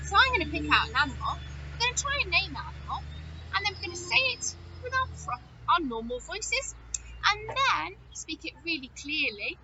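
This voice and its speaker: Woman, nursery teacher, high and swooping, slow, dull lo-fi recording with noise. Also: very animated. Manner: sing-song, exaggerated voice play. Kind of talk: lesson for young children.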